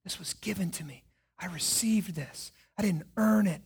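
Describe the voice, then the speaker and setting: A man preaching a sermon as pastor, asking rhetorical questions and swinging from hushed lines to loud emphatic ones. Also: sits high, normal speed, vocal fry, slightly rough.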